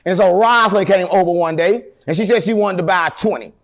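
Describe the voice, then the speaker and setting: A middle-aged man, telling long rambling stories with deadpan jokes as an interview guest. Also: high voice, brisk. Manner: animated, rambling, deadpan joking. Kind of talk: rambling storytelling in casual interview.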